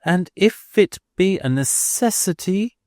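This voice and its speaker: A man's voice: high-pitched, lively intonation, slow pace, a little mellow, no room sound, clean studio sound, voice pushed up. A man voicing a faltering, earnest young canon. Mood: anxious. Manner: faltering, deferential. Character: earnest anxious young male minor canon.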